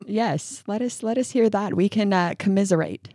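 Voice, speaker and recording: A chatty woman in her thirties from upstate New York holds up her end of a podcast, complaining with a grin and breaking into laughs often. Her voice sits at an ordinary middle pitch. The sound is close and completely dry. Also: normal speed, dark tone, dry recording. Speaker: podcast co-host. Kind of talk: casual chat.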